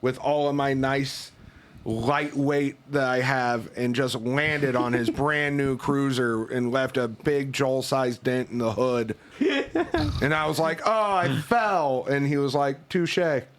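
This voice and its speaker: A man's voice: medium pitch, steady tone, measured pace. A young man, a podcast co-host, telling a crude story in casual chat and laughing through it.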